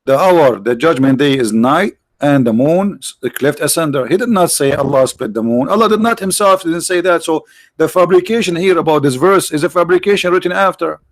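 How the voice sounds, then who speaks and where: A man's voice: on the high side, lively intonation, brisk, dry recording. A man hosting a livestream, giving mocking, sarcastic religious debate commentary in broken English. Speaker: livestream host.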